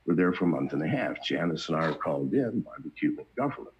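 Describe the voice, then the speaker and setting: Older guy spinning a yarn, cussing and chuckling, really deep voice, dull recording. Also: very animated, quick pace, breathy edge. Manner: blunt, profane, chuckling between anecdotes. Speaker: guest telling his story. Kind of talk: casual storytelling.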